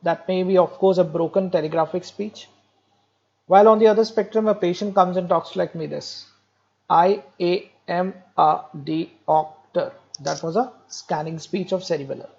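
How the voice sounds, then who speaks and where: A man's voice: high voice, fairly quick, gravelly, darkish tone, muffled recording. A man giving a medical lecture, explaining step by step, repeating key terms and speaking directly to students with light jokes. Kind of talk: recorded exam-prep lecture.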